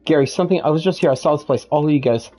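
A woman's voice: low-pitched, very fast, dark tone. A streamer reading out a shaken young woman game character who urgently insists something is wrong. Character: rattled young woman trapped in a time loop.

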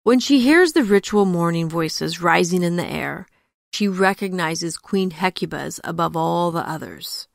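A woman hosting a storytelling podcast, narrating and commenting in a measured, reflective way. Her voice is low and gravelly, recorded close and dry. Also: no room sound.

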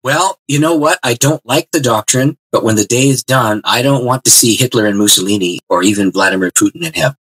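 Husky, bright-toned man telling his faith story. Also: medium pitch, fairly quick, hardly any pauses, no echo, rough recording. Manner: animated testimony with many restarts. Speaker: guest author. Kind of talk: interview storytelling.

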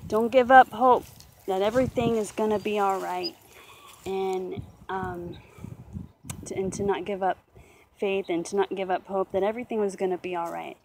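A woman giving a personal faith testimony in an earnest, halting way, often pausing with "you know". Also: mid-range voice, steady tone, a little mellow, a little hiss or hum, low-quality recording. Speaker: testimony speaker.

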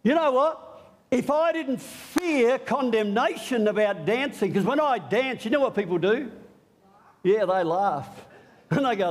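An unhurried, very high-voiced middle-aged pastor preaches an Easter sermon, keeping things lively with jokes and back-and-forth with the congregation.

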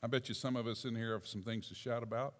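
Male pastor preaching in a reverberant sanctuary, lively delivery, soft asides and loud outbursts. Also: medium pitch, fast. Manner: animated preaching, swinging from soft asides to shouted exclamations. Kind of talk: sermon. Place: church sanctuary. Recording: long church reverb.

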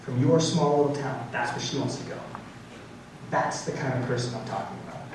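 Young male speaker, school assembly talk, heard from a distance with a booming hall echo. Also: fairly quick. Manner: animated storytelling, frequent "like" fillers. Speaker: motivational speaker. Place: large school gym or auditorium. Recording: very echoey hall, distant, noisy.

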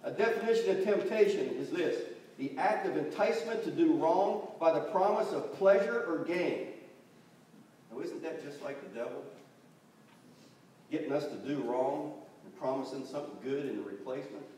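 A man delivers a church sermon, and he tells his stories with animation. His fairly high voice sits far back from the microphone. A heavy church echo and a faint hiss surround him. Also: normal speed. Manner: animated storytelling, acting out quoted voices. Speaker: preacher. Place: church sanctuary. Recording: distant, very echoey church recording with faint noise.

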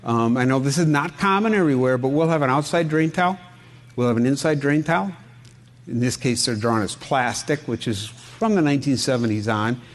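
A man's voice: mid-range voice, fairly quick. Folksy Midwestern man giving a seminar. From Wisconsin. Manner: folksy, asks the audience questions, tells anecdotes. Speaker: home inspector presenting a seminar. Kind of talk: conversational seminar talk.

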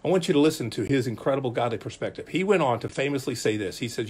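A male pastor teaching a Bible study, telling a story in an animated, self-mocking, conversational way. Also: mid-range voice, quick pace, hardly any pauses, breathy edge. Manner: lively, conversational delivery to the group.

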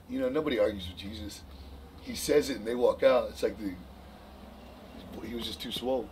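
A man in casual chat retelling a story in an animated, slangy way with lots of fillers. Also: medium pitch, a little fast, pauses often, a little hiss or hum, poor audio.

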